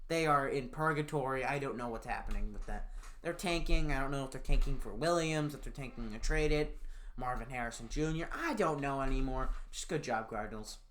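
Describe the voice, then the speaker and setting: A man's voice: mid-range voice, brisk, fairly bright tone, a little hiss or hum. A man giving casual sports predictions in a profane, sarcastic rant, swinging from fired-up outbursts to glum muttering. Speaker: NFL picks YouTuber.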